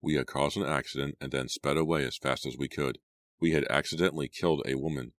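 A man narrating an audiobook in a very deep, low voice. His delivery is measured and even. The recording is close and dry, with no room sound. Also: no room sound. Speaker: audiobook reader.

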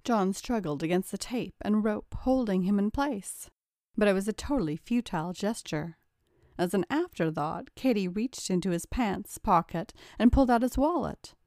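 A woman's voice: medium pitch, animated, normal speed, darkish tone, no room sound. Woman reading a story, dry close sound. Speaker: narrator.

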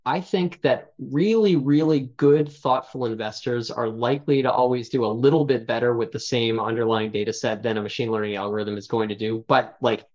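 Male founder guest, measured and explanatory, mid pitch, slightly muffled remote audio. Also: darkish tone. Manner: thoughtful, explanatory, frequent fillers. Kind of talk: casual interview chat.

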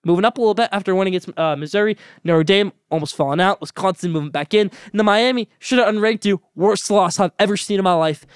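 A young man hosting a solo sports podcast, giving blunt, opinionated rapid-fire picks. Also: high-pitched, clean tone, dry recording, clean studio sound.

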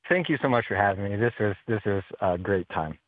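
A man's voice: lowish voice, animated, fairly quick, no echo. Hesitant man caller on a phone line. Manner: hesitant, thinking aloud. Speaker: listener contestant. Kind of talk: playing a radio puzzle by phone.

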